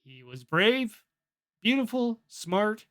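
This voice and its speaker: A woman's voice: medium pitch, very animated, slow pace, pitched above the performer's own voice. A man voicing a cheerful female AI companion chatbot that answers in a sweetly agreeable, vague way.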